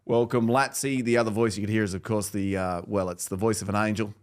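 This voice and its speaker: A man's voice: lowish voice, fairly even intonation, fast talker, a little mellow, smooth. A man hosting a sports podcast, teasing his co-hosts in a dry way as he moves the show along. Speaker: podcast host. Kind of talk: casual podcast chat.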